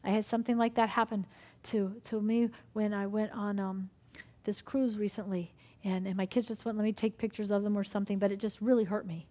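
A woman's voice: mid-range voice, flat delivery, brisk, warm tone. A woman preaching a sermon with fervor, acting out prayers and inner dialogue as she goes.

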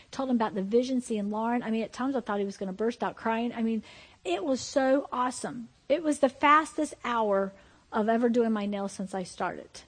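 A woman preaching an informal sermon to a group, telling personal stories in an animated, emphatic way. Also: on the high side, slightly rough.

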